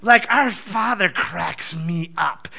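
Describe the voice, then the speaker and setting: A man, a messianic rabbi, telling a story in a lively, conversational sermon, often laughing as he talks. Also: high voice, takes it slowly, creaky.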